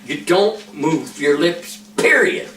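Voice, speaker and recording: A man, a preacher, giving an informal ventriloquism lesson with slow, patient, drawn-out demonstrations. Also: on the high side, very animated, a bit bright, a little hiss or hum. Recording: echoey room, mic far off.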